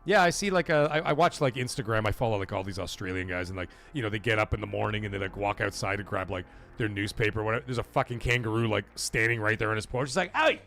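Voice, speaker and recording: A man's voice: lowish voice, fast talker, vocal fry, hardly any pauses, a bit bright, soft background music. A man hosting a casual gaming livestream, joking, swearing and bantering with his chat. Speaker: livestream host.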